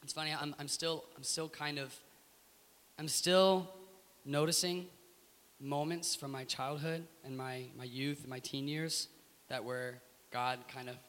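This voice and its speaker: American man as interview guest; lively and emphatic, bright tone, long room reverb. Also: a little high, unhurried. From United States. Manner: animated, emphatic, laughs through his story. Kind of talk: animated storytelling in an interview. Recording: echoey room with faint hiss.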